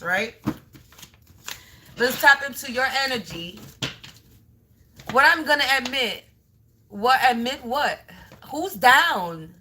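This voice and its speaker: A woman's voice: fairly high pitch, big pitch swings, slow pace, long pauses, pushed and bright, a little hiss or hum. A woman doing a live tarot card reading as a spiritual reader, taunting and scolding a commenter and repeating her phrases.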